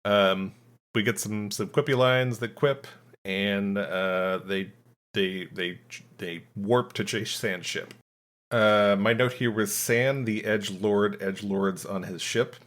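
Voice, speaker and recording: A man hosting a podcast, recapping a film plot in casual chat, halting with many ums and restarts. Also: on the low side, fairly bright tone. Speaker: podcast host summarizing a film.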